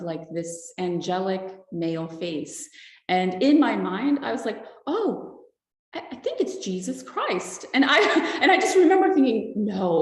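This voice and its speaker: Emotional woman, halting, roomy echo. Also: medium pitch, darkish tone. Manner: halting, reflective, many fillers. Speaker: podcast guest. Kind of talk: personal testimony, casual talk.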